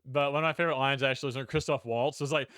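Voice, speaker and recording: Bright, blunt male podcast co-host. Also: medium pitch, fairly even intonation, very fast, smooth, dry recording, clean studio sound. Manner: blunt, sarcastic, swears casually. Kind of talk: casual film review chat.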